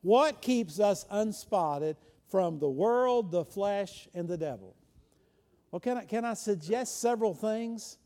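A male preacher talks through his sermon in a chatty, questioning way, swinging from loud emphasis to hushed asides. His voice sits high, yet has a mellow, warm tone. He sounds like he is preaching in a church. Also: lively intonation, slow pace.

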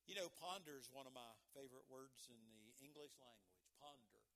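A male pastor preaching a sermon, swinging from bursts of shouting to hushed, low asides. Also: a little fast.

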